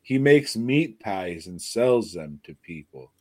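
Low-voiced guy on a podcast, talks slow, swears a ton, rambly storyteller. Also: sing-song, warm tone, no room sound. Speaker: podcast co-host. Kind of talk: casual chat.

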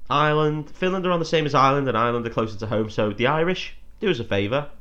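A man's voice: mid-range voice, lively intonation, rapid-fire, pushed and bright, dull audio. Brief: man, podcast co-host, loose jokey banter with frequent laughs, recorded at home. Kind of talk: casual drunken film podcast chat. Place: home room, self-recorded.

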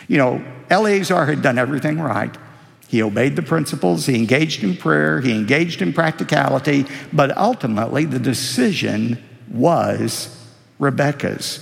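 A man preaching a sermon as pastor, with expressive, emphatic delivery that rises on key lines. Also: fairly high pitch, normal speed, gravelly. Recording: reverberant hall.

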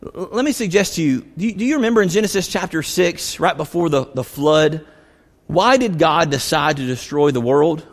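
High-voiced animated male preacher. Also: moderate pace, in a large hall. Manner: animated, acts out voices of biblical figures. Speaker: pastor. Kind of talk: sermon.

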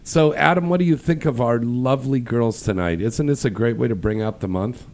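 A man hosting a radio talk show, loud and bantering as he takes calls. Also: medium pitch, fairly quick.

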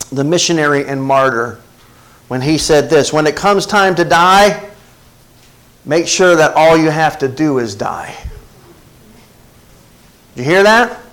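A man delivers a sermon in a slightly high voice. He preaches with call-and-response asides to his congregation. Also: expressive, measured pace, long pauses, low-quality recording. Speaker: pastor.

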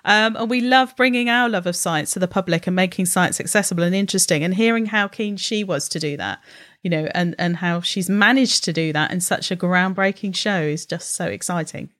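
A woman with a slightly low voice co-hosts a science podcast, explaining ideas in a friendly, chatty way. She often checks in with "isn't it?". The recording is dry and close. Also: brisk, a bit bright, dry recording. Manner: friendly, explanatory, asks tag questions. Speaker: podcast co-host, science communicator. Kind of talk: casual podcast chat.

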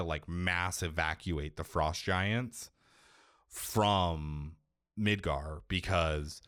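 Recapping a video game's story in casual chat, this young podcast co-host rambles, curses, and leans heavily on the filler "like." His voice is deep and a bit bright, captured in clean studio sound with no echo.

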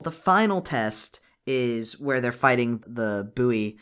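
A woman's voice: very deep voice, animated, clean tone. A woman co-hosting a casual podcast, retelling a cartoon's plot with lots of swearing and laughter. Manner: profane, laughing, fast retelling. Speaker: podcast co-host. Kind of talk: casual chat reviewing a cartoon.

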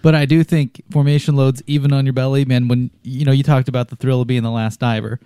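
A man's voice: mid-range voice, flat delivery, fast, mellow, clear, resonant tone, no echo, clean studio sound. A man talking casually and enthusiastically, often saying dude and man. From not from Texas, lives in Texas. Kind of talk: casual chat.

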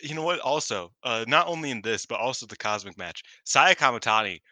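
Man, podcast co-host, casual chat, very bright tone, dry sound. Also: medium pitch, fairly quick, dry recording. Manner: excited, laughing, swearing freely.

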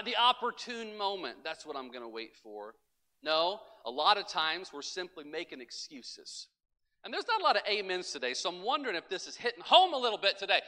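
A middle-aged male pastor preaching a sermon, telling stories animatedly and speaking straight to the congregation. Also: very high voice. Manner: animated storytelling preacher, acts out voices and asides to the congregation. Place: church sanctuary. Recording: long church hall reverb.

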